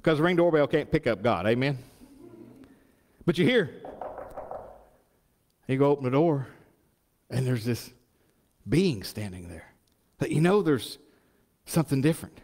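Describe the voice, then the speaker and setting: Folksy preacher in a reverberant church. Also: male voice, medium pitch, unhurried, long pauses. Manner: folksy, animated, asks the congregation questions. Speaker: pastor. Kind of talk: sermon.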